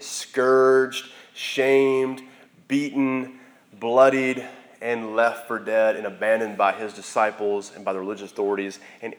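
Young male campus preacher, low voice, earnest and halting, repeats words mid-prayer. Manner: earnest, repeats words while searching for them. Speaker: campus minister. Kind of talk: sermon and closing prayer.

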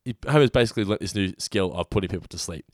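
A man's voice: low voice, racing, noisy background. Man casually recapping an episode. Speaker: podcast co-host.

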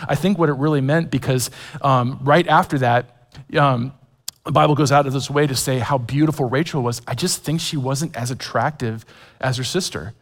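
In a big-sounding room, a man in his forties preaches at a moderate pace in a medium-pitched voice. The pastor's sermon is full of personal storytelling and self-deprecating humor, with frequent fillers and restarts.

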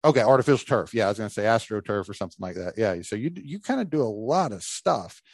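A man hosting a casual podcast, telling a story with lively acted-out quotes. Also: lowish voice, quick pace, creaky, slightly rough, dry recording, studio quality. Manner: animated storyteller acting out quotes. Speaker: podcast host.

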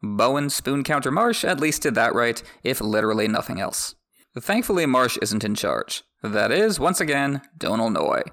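A man's voice: mid-range voice, big pitch swings, moderate pace, a bit bright. A man hosting a book podcast who recaps a chapter, reads excerpts aloud, and adds wry, joking asides. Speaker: podcast host.

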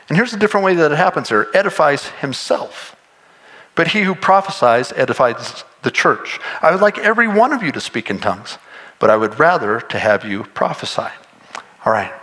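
A male pastor preaches to his congregation in a casual, conversational sermon. His voice sits a little higher than most men's, and he slips into imagined voices to make his point. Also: fairly bright tone.

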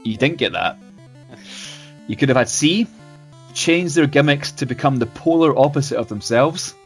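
Laughing, halting male podcast host. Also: medium pitch, lively intonation, soft background music. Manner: laughing, halting, repeats words. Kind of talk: casual podcast chat.

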